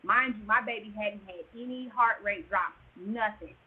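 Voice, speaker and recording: A woman telling an emotional birth story as a podcast guest, animated and sometimes near-shouting. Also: mid-range voice, moderate pace, husky. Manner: animated, rises to near-shouts at tense moments. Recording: tinny phone line.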